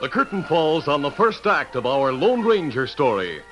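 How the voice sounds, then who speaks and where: A man's voice: fairly high pitch, very animated, normal speed, lo-fi sound, loud music behind the voice. A male announcer narrating a 1940s radio drama in a dramatic voice. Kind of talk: scripted narration.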